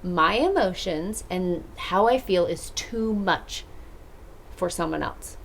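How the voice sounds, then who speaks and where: A woman guest on a parenting podcast, explaining calmly with frequent "like" and "right". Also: fairly low pitch, slow, vocal fry, a little hiss or hum. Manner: calm, explanatory, many likes and rights. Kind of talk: podcast conversation.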